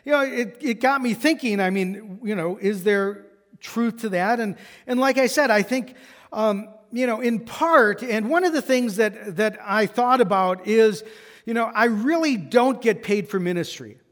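A pastor delivering a sermon in a relaxed, conversational manner, with self-deprecating asides. His voice sits very high for a man. Each line trails into the long reverb of a large hall. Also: a little slow.

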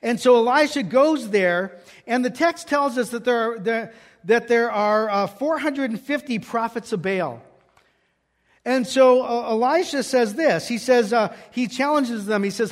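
High-voiced preacher in a reverberant hall. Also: male voice, normal speed. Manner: storytelling, quoting scripture with raised voice. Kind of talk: sermon.

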